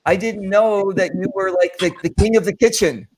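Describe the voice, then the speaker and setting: A man's voice: sits high, steady tone, moderate pace, a little mellow, husky. A man hosting a casual video call cooking chat, upbeat and chatty, often repeating himself. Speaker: host.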